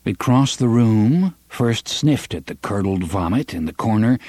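A man reading a western novel aloud as audiobook narrator, with an expressive, varied delivery on a close studio mic. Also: lowish voice, measured pace, dry recording. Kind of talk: scripted narration.

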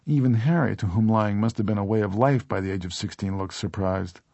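A man narrates an audiobook in a steady, even storytelling style. His voice is on the low side with vocal fry, moving a little fast, and the recording has no echo.

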